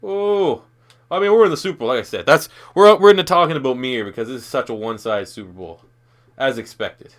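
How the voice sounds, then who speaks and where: With a mid-range voice, this fast-talking and animated young Canadian riffs over footage of his own football video game. A gaming YouTuber, he delivers casual commentary that rambles and swears freely.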